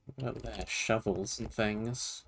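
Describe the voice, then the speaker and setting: Slow-talking man thinking aloud. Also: lowish voice, fairly even intonation, gravelly, fairly bright tone, slight background noise. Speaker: streamer playing a puzzle map. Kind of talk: muttering to himself while playing.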